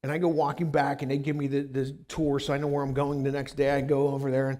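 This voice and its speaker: A man's voice: medium pitch, flat delivery, fast, warm tone. A middle-aged man preaching as a pastor, with a conversational storytelling manner that often repeats words at the start of sentences. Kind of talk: storytelling sermon. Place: church sanctuary.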